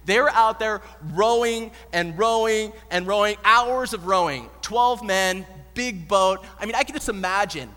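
A man preaching a sermon in an animated, slangy storytelling manner, recorded in an echoey hall. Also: high voice, unhurried, few pauses. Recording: echoey hall with long reverb.

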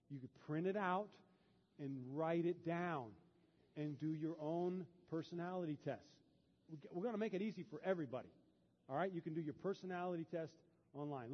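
A pastor preaching a sermon in a church, dropping to a hush and then building to loud, fervent peaks. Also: male voice, on the high side. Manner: swings from hushed to loud and fervent. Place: church sanctuary. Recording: dull, long hall reverb.

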